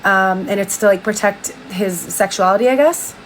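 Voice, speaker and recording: A woman talking in a loose, conversational way, peppered with slang and profanity. Her pitch sits in a middle register, with a faint hiss of background noise. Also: normal speed, low-quality recording. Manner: slangy, profane, chatty with many "like"s. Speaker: commentary vlogger. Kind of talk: casual retelling and commentary.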